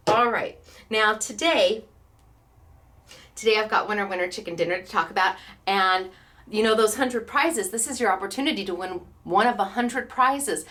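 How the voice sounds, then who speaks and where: A woman's voice: on the high side, fairly bright tone. A woman hosting a craft class, chatting to online viewers in a bubbly way and laughing often. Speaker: craft store host. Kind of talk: casual chat to online viewers.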